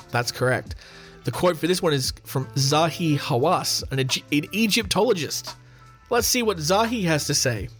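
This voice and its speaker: Joking man hosting a podcast. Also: fairly high pitch. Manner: joking, reads questions aloud and answers himself. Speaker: podcast host. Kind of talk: casual chat reading a quiz.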